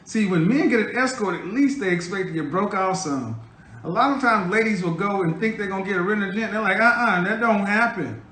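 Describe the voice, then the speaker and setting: High-voiced man mocking on a live stream. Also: fairly quick, a bit bright. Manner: provocative, mocking, preachy. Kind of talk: casual live-stream monologue. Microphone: phone.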